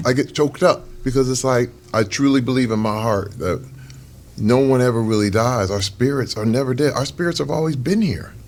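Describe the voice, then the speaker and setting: A man's voice: medium pitch, moderate pace, darkish tone. Earnest man telling stories over a meal. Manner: earnest, reflective storytelling. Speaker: interview guest. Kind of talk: casual interview over a meal.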